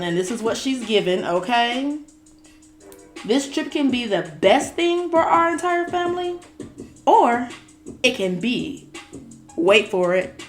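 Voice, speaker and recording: Chatty woman commenting over faint music. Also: a little high. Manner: chatty, animated, playful asides. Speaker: tarot reader and show commentator. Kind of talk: casual chat.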